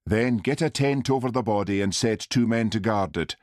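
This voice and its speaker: A man's voice: fairly low pitch, moderate pace, darkish tone, no echo, clean studio sound, voice pushed up, lightly acted. A man voicing a mocking, jeering policeman in an audiobook.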